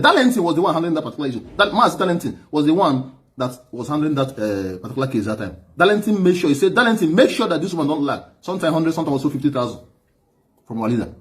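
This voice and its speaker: A Nigerian man telling stories in an animated monologue, often laughing and repeating words, sometimes switching into Igbo. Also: on the high side, very fast. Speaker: activist giving a testimony.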